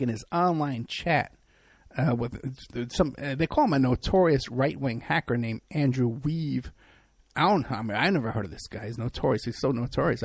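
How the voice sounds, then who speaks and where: A man's voice: mid-range voice, no room sound. A man hosting a talk show, delivering a mocking, rambling monologue full of restarts. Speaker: talk show host and private investigator.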